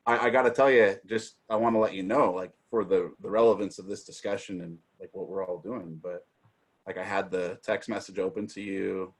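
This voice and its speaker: A man's voice: deep voice, brisk. A man chatting as a guest on a video call, effusive and affectionate, full of energy. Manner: effusive, warm-hearted, energetic. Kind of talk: casual video call chat.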